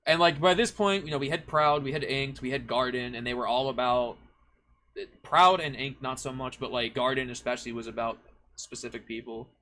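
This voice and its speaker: A young man muses about his own songwriting in a rambling, reflective way, full of fillers. His voice is bright and forward. His pitch sits in the ordinary male middle. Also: fairly even intonation, fairly quick, a little hiss or hum. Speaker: songwriter, stream co-host. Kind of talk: casual chat.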